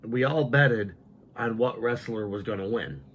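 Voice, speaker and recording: A man's voice: medium pitch, measured pace, muffled recording. Enthusiastic male podcast co-host. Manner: enthusiastic fan, animated. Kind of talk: casual chat.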